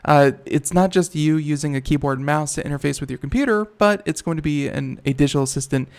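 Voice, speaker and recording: A man's voice: a little high, fast, clean tone. A man hosting a computer talk show, chatting casually and rambling with many fillers and restarts. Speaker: radio talk show host. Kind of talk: casual chat.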